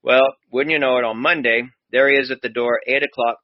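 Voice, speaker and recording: A man, a doctor hosting a talk show, tells a long anecdote in a conversational way and acts out the dialogue as he goes. His voice sits at a middling male pitch. The recording is dry and somewhat dull. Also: fairly even intonation, a little fast, dry recording. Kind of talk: chatty anecdotal storytelling.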